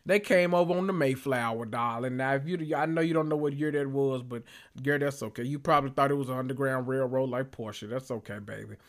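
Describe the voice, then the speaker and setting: A man hosting a solo reality TV recap podcast, talking in a sassy, profane way with drawn-out emphasis. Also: medium pitch. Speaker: podcast host.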